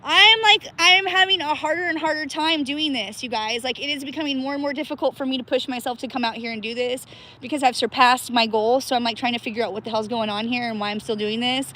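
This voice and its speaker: A woman's voice: sits high, fairly even intonation, fast talker, pushed and bright. A woman livestreaming from a cold river outdoors, chatting casually with viewers by name and laughing often, shivering with cold. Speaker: livestream host.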